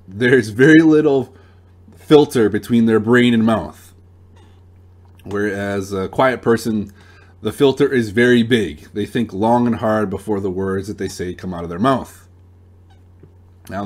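A young man with a somewhat low voice delivers a casual advice monologue. He talks in a relaxed, plain-spoken way, sometimes restarting a sentence mid-thought. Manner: relaxed, plain-spoken, uses gun comparisons, some restarts. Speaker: dating advice channel host.

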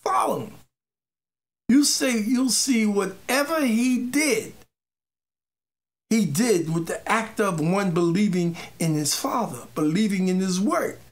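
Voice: medium pitch, animated, slow. A faith teacher giving an informal sermon, emphatic and repetitive, mixing personal testimony with exhortation and sometimes stumbling over words. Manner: emphatic, repeats key phrases, stumbles on words. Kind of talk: informal preaching monologue.

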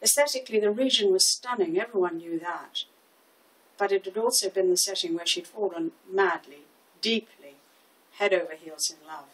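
A woman in her seventies narrating a short story in a measured, expressive reading. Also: medium pitch, recorded from a distance, poor audio. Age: 70s. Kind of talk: audiobook reading.

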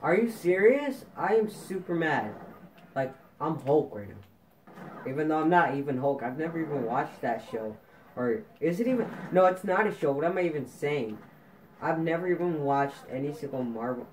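A man's voice: a little high, expressive, moderate pace, slight background noise, low-quality recording. A man giving frustrated gameplay commentary while playing a shooter, ranting and repeating his complaints to viewers. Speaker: gaming video host.

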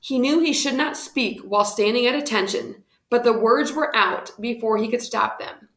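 A woman reading a historical storybook aloud in steady, measured narration. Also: a little high, reverberant.

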